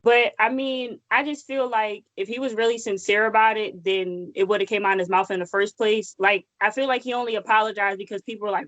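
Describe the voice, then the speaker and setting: A woman's voice: medium pitch, steady tone, brisk, hardly any pauses, a bit bright, no echo, lo-fi sound. A woman co-hosting a casual podcast, talking loosely with many fillers and blunt swearing.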